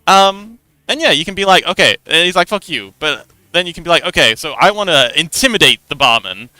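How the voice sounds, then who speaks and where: Bright, giggly young man streaming. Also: a little high, expressive, a little fast, dry recording. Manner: giggly, rambling with many restarts. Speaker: livestream host. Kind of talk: casual explanation of a tabletop game.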